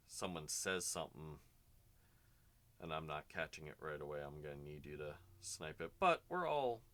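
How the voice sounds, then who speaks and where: Very deep-voiced man chatting while painting. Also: a bit bright. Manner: chatty, rambling, talks to chat while working. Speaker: miniature painter and streamer. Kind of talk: casual narrated painting session.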